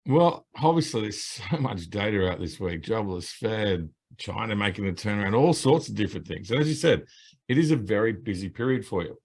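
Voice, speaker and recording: A man's voice: fairly low pitch, animated, brisk, a little mellow, husky. A man hosting a casual finance interview, upbeat and friendly, with some teasing. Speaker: host.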